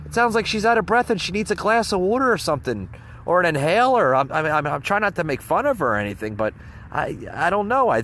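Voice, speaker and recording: Rambling, slightly high-voiced male podcast host. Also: a bit bright. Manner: rambling, laughs and stumbles over words; scoffing, opinionated. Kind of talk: casual political commentary. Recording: faint traffic noise behind. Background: faint car noise passing by.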